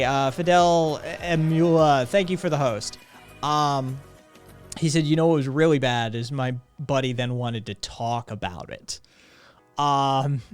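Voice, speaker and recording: A man's voice: medium pitch, smooth. Rambling man telling a story. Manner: rambling, acts out quotes, frequent fillers. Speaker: podcast co-host. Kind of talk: casual storytelling on a livestream.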